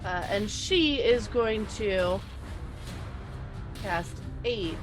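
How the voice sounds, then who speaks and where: A woman's voice: medium pitch, animated, over music, low-quality recording. A woman playing a tabletop game, hesitantly describing her character's actions. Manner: slow, hesitant, with small laughs. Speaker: player. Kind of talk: tabletop game play over voice chat.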